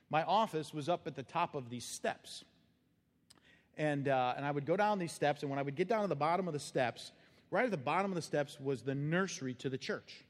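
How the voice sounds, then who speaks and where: A man preaching a sermon as pastor, animated and acting out the voices and cries of the story. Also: a little high, long reverb tail.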